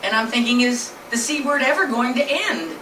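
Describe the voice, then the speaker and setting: A woman's voice: on the high side, normal speed, pushed and bright. A woman telling her husband's illness story in an earnest, plainly spoken way, speaking from a distance in a noisy, echoey room. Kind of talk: personal storytelling presentation.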